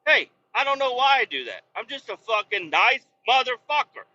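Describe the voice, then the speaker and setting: A man hosting a podcast, ranting heatedly with constant swearing and bursts of yelling, recorded in the cab of a semi truck while driving. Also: very high-pitched, big pitch swings, moderate pace, hardly any pauses. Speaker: podcast host. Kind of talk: profane ranting monologue. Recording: dull lo-fi recording.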